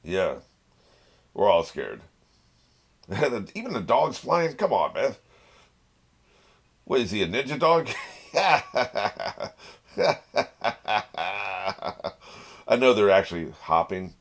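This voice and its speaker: A man with a low, deep voice gives casual reaction commentary while watching an episode. He chats loosely, laughs often and talks straight back at the characters on screen. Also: sing-song, drawn-out words, pauses often. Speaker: anime reaction channel host.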